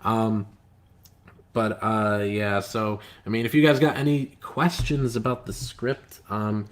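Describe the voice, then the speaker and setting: Here the same comic book writer and stream host speaks fairly low and slowly, his tone steady. He reads viewer comments aloud and rambles hesitantly through lots of filler words, sounding aggrieved and complaining.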